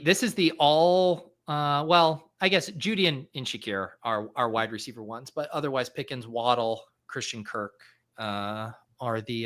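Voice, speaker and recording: A man's voice: medium pitch, pushed and bright. A man hosting a casual fantasy football draft podcast, loose and self-mocking, swearing offhandedly. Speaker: podcast host.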